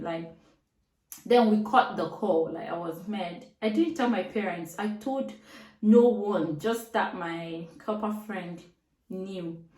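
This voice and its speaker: A woman's voice: medium pitch, far from the mic. Chatty young woman in an echoey room. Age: 20s. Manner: chatty, animated, acts out quoted dialogue. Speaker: vlogger. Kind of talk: casual storytime.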